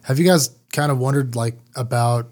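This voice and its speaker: A man's voice: mid-range voice, normal speed, darkish tone. A man co-hosting a casual podcast chat who rambles with fillers and restarts. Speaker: podcast co-host.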